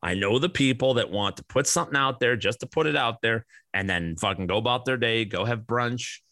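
Brief: forceful, low-voiced male podcast host in his forties, profane and blunt, ranting on a bone-dry mic. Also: brisk, dry recording. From American Midwest. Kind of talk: ranting monologue.

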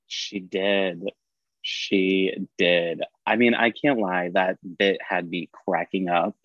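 Guy from the us on a podcast, fairly low voice, kinda dull lo-fi mic, agrees a lot. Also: fairly even intonation, slow pace, a bit bright, no echo. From United States. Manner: agreeable and laughs often. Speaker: podcast co-host. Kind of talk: casual chat.

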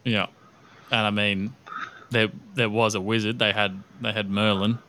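A man's voice: on the low side, little pitch movement, a little slow, sharp tone. A man co-hosting a casual podcast chat, rambling and looking things up as he talks. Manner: rambling, looks things up aloud. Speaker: podcast co-host.

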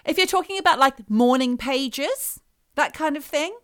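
A woman's voice: sits high, animated, normal speed, a bit bright, dry recording, studio quality. A woman co-hosting a podcast in casual, playful chat, teasing her co-host.

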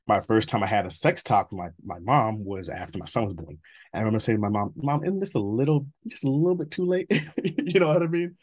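A man in his thirties with a low, husky voice speaks quickly in a candid interview. His talk is blunt and full of swearing, and he laughs between stories. He has a rough edge and a rapid pace. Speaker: interview guest.

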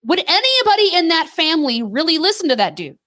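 A woman co-hosting a casual faith discussion, telling stories with emphatic repetition and quick restarts. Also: extremely high pitch, very animated, sharp tone. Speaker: podcast co-host.

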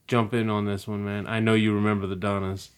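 Young guy on a podcast, lowish voice, swears a lot, laughs easy. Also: level tone, brisk, smooth. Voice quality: swears freely, laughs often. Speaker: podcast co-host. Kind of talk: casual chat.

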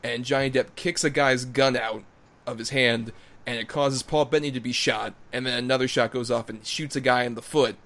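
A man reviewing a film on a podcast in casual, blunt chat. He swears freely and laughs as he goes, at a middle pitch for a man. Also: fairly even intonation, fairly quick, fairly bright tone. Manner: blunt, profane, laughs often. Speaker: podcast co-host.

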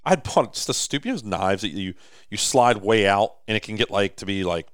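A man's voice: on the low side, animated, fairly quick, no room sound, clean studio sound. A man co-hosting a podcast, rambling through a long story in casual chat, with many restarts. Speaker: podcast co-host. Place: indoor office or shop.

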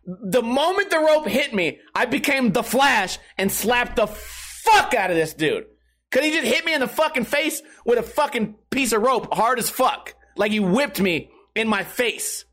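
A man in his thirties casually telling a profane, animated story as a streamer. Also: high-pitched. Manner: animated, profane, laughing through stories.

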